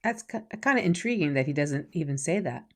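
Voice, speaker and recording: A woman with a low voice adds quiet, brief comments in a casual podcast chat. She sits farther from the mic than her co-host, so she comes through softer. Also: lively intonation, a little fast.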